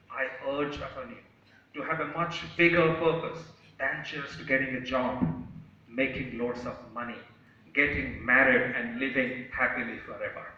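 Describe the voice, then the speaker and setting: A man's voice: medium pitch, steady tone, normal speed, bright, forceful tone. A man giving a motivational speech to an audience in a large hall, emphatic and repetitive, telling stories. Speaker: motivational speaker. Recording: echoey hall from far off, lo-fi.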